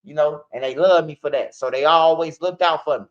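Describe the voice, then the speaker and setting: A high-voiced man from Chicago hosts a street news channel, delivering brisk, casual commentary as blunt, profane street storytelling. The recording sounds dull and lo-fi.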